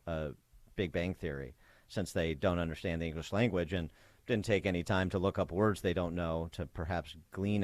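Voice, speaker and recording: A deep-voiced male talk radio host who speaks in sarcastic, formal, wordy sentences. He banters with his co-host and takes callers. The studio sound is dry and close. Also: no room sound.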